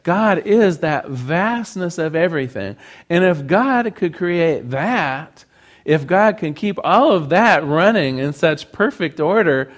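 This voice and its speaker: A man speaks to a congregation in an easygoing, joking sermon. His fairly high voice moves widely in pitch, rising and falling with each point he makes. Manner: animated, joking, conversational. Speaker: speaker at a spiritual service.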